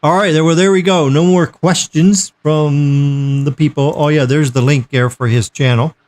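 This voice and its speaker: A man's voice: a little high, fairly even intonation, moderate pace, a little mellow. A man hosting a tech livestream in casual chat, joking and reading out viewer messages.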